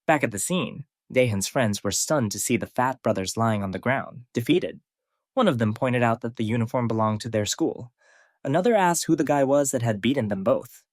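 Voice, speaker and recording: A man narrating a scripted story recap, reading characters' lines with heightened pitch. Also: a little mellow, dry recording, studio quality.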